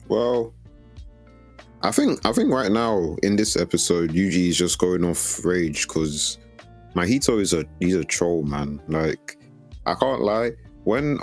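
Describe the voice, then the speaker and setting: A man with a very deep voice talks in a laid-back, slangy way. He keeps repeating his stock phrases, and faint music runs beneath the podcast chat. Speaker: podcast co-host. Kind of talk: casual anime discussion.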